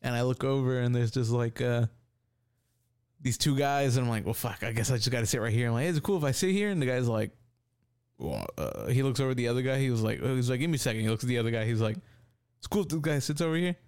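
A man's voice: medium pitch, racing, clean tone. A man telling a story in casual chat, swearing freely and acting out what people said. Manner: animated, swears a lot, acts out quotes.

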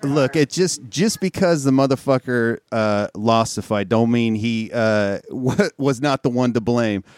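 A man's voice: mid-range voice, a little slow, a little mellow, smooth, no room sound, studio quality. A man hosting a casual chat, joking, laughing often and swearing freely.

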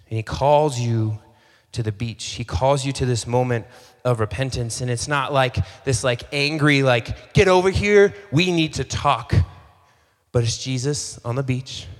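A man's voice: medium pitch, fairly even intonation, unhurried. Male pastor preaching in a reverberant hall. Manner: conversational, acts out dialogue, repeats phrases. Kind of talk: sermon. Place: church hall.

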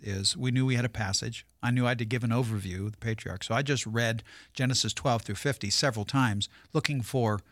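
Pastor guy talking through his sermon easygoing, mid pitch, dry room. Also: fairly quick, few pauses, fairly bright tone, dry recording. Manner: thoughtful, explaining, easygoing. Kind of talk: casual chat.

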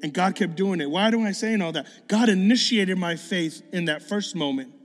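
A man preaching a sermon, telling a story with lively acted-out dialogue and excited bursts. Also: sits high, normal speed, in a large hall, soft background music. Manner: animated, acts out dialogue, builds to excited bursts.

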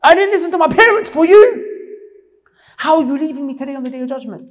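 A man voicing a desperate woman pleading with the lover who abandons her, shouting in a high voice. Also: lively intonation, fast, big-room sound.

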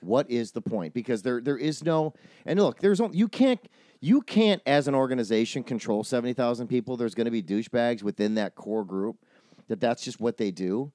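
A man's voice: medium pitch, lively intonation, a little fast, dark tone, no room sound, studio quality. A man in a casual chat, blunt and opinionated, swearing as he argues his point.

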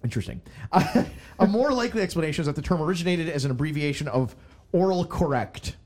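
A man's voice: on the high side, expressive, fast, darkish tone. A man hosting a casual podcast chat, joking around and stumbling as he reads aloud. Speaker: podcast host.

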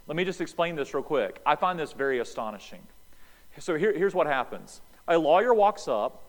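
A man's voice: a little high, moderate pace, big-room sound, low-quality recording. An American man preaching a sermon, acting out the voices in a Bible story as he explains it. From United States. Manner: animated preaching, acts out dialogue. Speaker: pastor.

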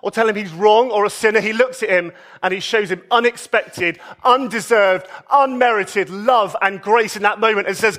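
Expressive high-voiced male preacher. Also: normal speed, few pauses. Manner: expressive, shifts between emphatic highs and soft low passages. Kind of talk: sermon.

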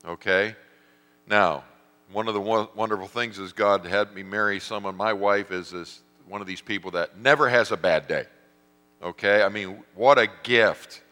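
A man's voice: on the low side, moderate pace, pushed and bright. A middle-aged man, a pastor, preaching a sermon, telling stories and acting out voices with self-deprecating humor. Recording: reverberant hall.

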